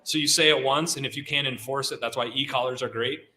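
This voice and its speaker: A middle-aged man who handles avalanche dogs gives a casual talk to a live audience, relaxed and chatty with lots of "like" fillers. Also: medium pitch, fast. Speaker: guest speaker, avalanche dog handler. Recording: roomy hall sound.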